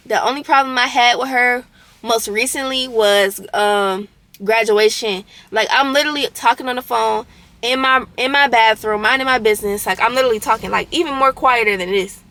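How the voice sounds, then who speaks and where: A woman's voice: fairly high pitch, sharp tone, dry recording. Indignant young woman telling a story. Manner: candid, indignant retelling with slang and swearing. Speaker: vlogger. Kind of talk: casual storytime.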